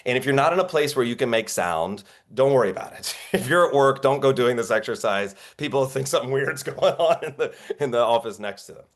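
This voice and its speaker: A man's voice: medium pitch, animated, brisk, few pauses. A man coaching actors in an online workshop, telling stories in an earnest, reflective way over a video call. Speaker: acting coach.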